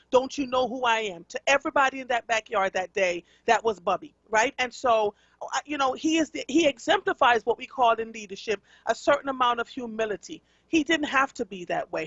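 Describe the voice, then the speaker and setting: A woman's voice: a little high, a bit bright, no room sound, lo-fi sound. A woman with a Jamaican accent hosting a radio talk show, speaking earnestly and conversationally with frequent fillers.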